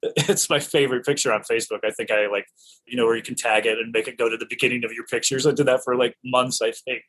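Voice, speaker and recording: A middle-aged man from Idaho, an actor telling stories in an interview, enthusiastic and animated with frequent restarts. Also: medium pitch, quick pace, low-quality recording. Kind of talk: casual storytelling in an interview.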